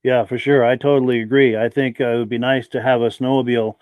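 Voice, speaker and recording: A man's voice: mid-range voice, level tone, quick pace, clear, resonant tone, no room sound, phone-quality sound. A man hosting a live-stream podcast who chats in a friendly way and welcomes viewers by name. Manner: reads viewer names aloud, friendly and welcoming. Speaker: podcast host.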